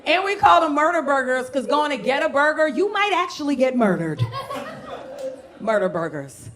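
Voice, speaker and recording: A high-voiced woman performs stand-up into a handheld stage mic. Her delivery is brash and loud. She slips easily into mocking voices. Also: big pitch swings, moderate pace, crowd noise. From Brooklyn, New York. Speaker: stand-up comedian. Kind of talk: stand-up comedy set. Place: comedy club stage with a live audience.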